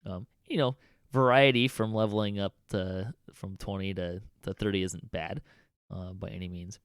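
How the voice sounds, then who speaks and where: A man's voice: low-pitched, steady tone, moderate pace, smooth, no room sound, clean studio sound. A man hosting a casual podcast roundtable, talking with many ums and restarts. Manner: hesitant, many fillers and restarts. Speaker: podcast host.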